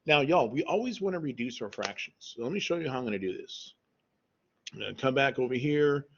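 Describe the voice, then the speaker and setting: A man's voice: mid-range voice, animated, a little fast, muffled recording, a little hiss or hum. A man teaching a recorded math lesson in a conversational way, often checking in with "okay?".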